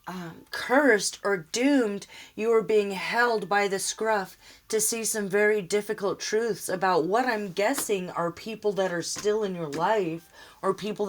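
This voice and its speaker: A woman giving a tarot reading, speaking earnestly and emotionally straight to the viewer. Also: mid-range voice. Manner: slow, emotional, earnest, addressing the viewer directly. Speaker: tarot reader.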